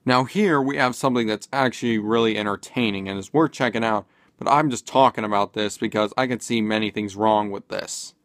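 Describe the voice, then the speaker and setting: A man's voice: fairly low pitch, a little fast, no echo. A man casually commenting in a vlog, rambling and hesitant with many fillers and restarts. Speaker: video commentator.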